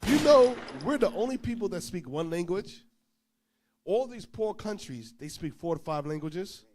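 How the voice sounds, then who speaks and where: Male preacher, higher voice, lively storyteller who acts out the dialogue himself, informal sermon. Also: normal speed, slight background noise. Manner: animated storyteller, acts out dialogue, swings loud and soft.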